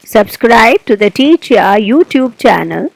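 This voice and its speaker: A woman teaching an English grammar lesson, explaining slowly and deliberately and putting questions to the learner. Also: a little high, animated, vocal fry, no room sound, rough recording.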